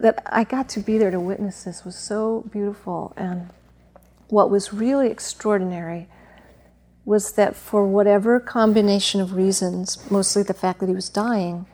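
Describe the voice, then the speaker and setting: A middle-aged woman, a meditation teacher, telling a personal story in a gentle, reflective dharma talk, pausing now and then to clear her throat. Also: mid-range voice.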